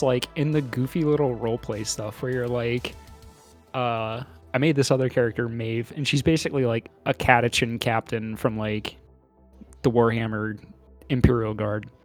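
A man's voice: mid-range voice, normal speed, faint music behind. A man hosting a podcast in casual chat, laid-back and rambling with lots of hesitation. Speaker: podcast host.

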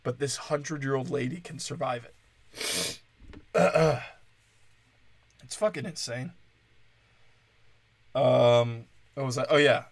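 A man's voice: medium pitch, takes it slowly, creaky, long pauses, dry recording. Wisconsin guy ranting on his show, swears a lot, sarcastic, dry close sound. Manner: shifts between mocking and exasperated outbursts. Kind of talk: solo comedic rant.

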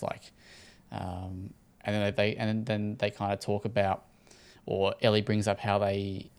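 A man's voice: lowish voice, little pitch movement, a little slow, smooth. A man with an Australian accent, casually recapping a show episode as a podcast co-host, rambling and swearing. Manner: rambling, laid-back, swears and laughs often. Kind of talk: casual chat.

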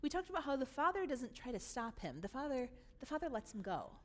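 Woman pastor, high voice, emphatic sermon delivery in a church. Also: big pitch swings, quick pace. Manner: emphatic, voicing the father's lines with rising force. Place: church sanctuary.

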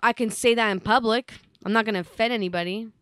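A woman's voice: fairly high pitch, quick pace, a bit bright, clean tone. A young woman co-hosting a podcast in casual chat, playful and giggly, swearing casually. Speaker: podcast co-host.

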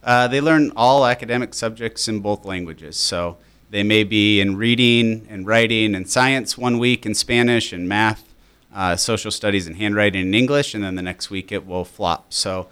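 A man's voice: fairly low pitch, normal speed, fairly bright tone, clean tone. A man, a teacher and program coordinator, explaining his school program as a radio guest, with many fillers.

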